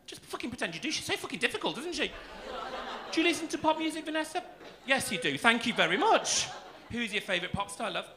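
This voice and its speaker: A man's voice: very high-pitched, very animated, fast. A man doing a stand-up set, cheeky and camp, teasing the crowd and swearing freely. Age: 40s. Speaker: stand-up comedian. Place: comedy club stage. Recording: noisy club room with audience. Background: audience laughter.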